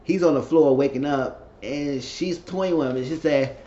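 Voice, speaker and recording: A man giving a casual spoken recap of a TV episode, chatty and animated, slipping into voices to act out what the characters said. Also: fairly high pitch, moderate pace. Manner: chatty, acts out characters' lines in exaggerated voices. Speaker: TV series recapper. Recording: roomy, slightly dull home recording with faint noise.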